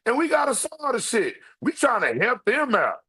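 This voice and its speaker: A man hosting a livestream, his voice sitting high and jumping all over the place. He talks straight to his viewers, loud and emphatic, repeating his points and cursing freely. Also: wildly swooping pitch, normal speed, husky. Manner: loud, emphatic, repetitive, profane banter to viewers. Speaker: livestream host. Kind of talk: animated livestream commentary.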